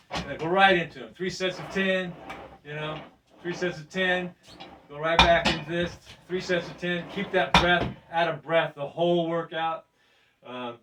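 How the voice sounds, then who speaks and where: A man in his sixties talking casually while working out in a gym room. He breathes deeply and keeps checking in with "right?" and soft laughs. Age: 60s. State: breathing deeply during the workout. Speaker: fitness vlogger. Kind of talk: casual demonstration while exercising. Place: gym room among exercise machines. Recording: distant mic with faint background noise.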